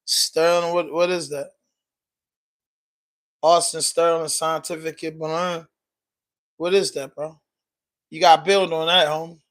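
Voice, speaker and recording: Man, Baltimore accent, slangy livestream host, a bit high-voiced, reading chat aloud. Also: a bit bright. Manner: loose and slangy, reading out and answering viewer comments. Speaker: podcast host.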